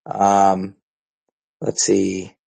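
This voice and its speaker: A man's voice: low-pitched, monotone, very slow, vocal fry, a little mellow, breathy edge, low-quality recording. A man hosting a casual fan podcast, bantering with callers in a laid-back, joking way. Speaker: podcast host.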